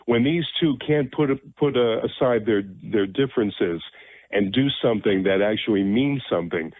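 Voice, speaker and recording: A man's voice: lowish voice, lively intonation, normal speed, no room sound. A man hosting a radio talk show, speaking in a blunt, rambling monologue and repeating himself for emphasis. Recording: narrow phone-like radio sound, dry.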